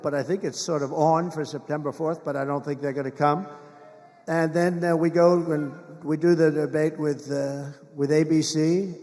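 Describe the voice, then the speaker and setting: A man's voice: a little high, a little mellow. A man speaking as a political candidate in a rambling, boastful and mocking campaign rally speech, with repetitive asides to the crowd. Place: large rally venue. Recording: long reverb of a big rally hall.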